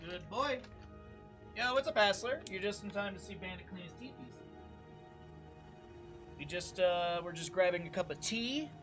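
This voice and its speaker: A man with a fairly high, bright and forceful voice, casting a game live on stream. He keeps it casual and upbeat, joking with his viewers. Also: animated, moderate pace, pauses often, faint music behind. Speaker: esports caster and streamer.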